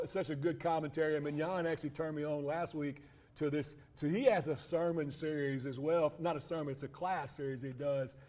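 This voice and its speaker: A man's voice: on the high side, dark tone. A man teaching a church Bible class in a conversational way, with frequent restarts and asides.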